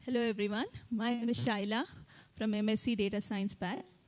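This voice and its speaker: A woman's voice: on the high side, steady tone, moderate pace, a little mellow. A young woman in her twenties, a student volunteer, giggling and stumbling through a tongue twister.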